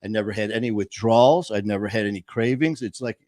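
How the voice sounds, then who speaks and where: Male host, Boston accent, low-pitched, emphatic storyteller, dry close sound. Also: quick pace, warm tone, dry recording. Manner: emphatic, plain-spoken, restarts often. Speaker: podcast host. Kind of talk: casual storytelling interview.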